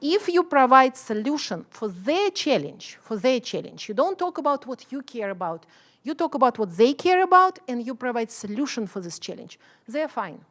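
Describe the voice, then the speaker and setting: A woman's voice: fairly high pitch, big pitch swings, moderate pace, fairly bright tone. A middle-aged woman, a professor giving a keynote speech, talking passionately in English with an accent and non-native phrasing.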